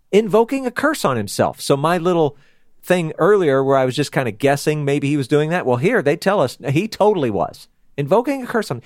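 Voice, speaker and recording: A man leads a relaxed Bible study with an animated, chatty delivery. His pitch swings widely as he talks, and he breaks into laughter now and then. The sound is dry and close. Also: no echo. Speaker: Bible teacher. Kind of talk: casual Bible study talk.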